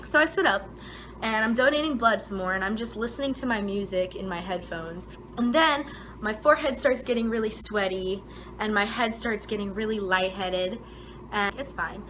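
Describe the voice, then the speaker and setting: A woman's voice: normal speed, a little hiss or hum, low-quality recording. A young woman vlogger telling a story in a casual, dramatic way, full of "like" fillers, her voice leaping up when she quotes herself. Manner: animated, dramatic retelling with frequent "like" fillers; voice jumps high and loud when quoting herself.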